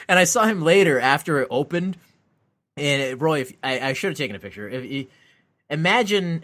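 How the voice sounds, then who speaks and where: A man co-hosting a podcast, telling a long frustrated story in casual chat, swearing freely and acting out the people he met. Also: medium pitch. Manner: animated ranting storyteller, swears a lot. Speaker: podcast co-host; convention exhibitor.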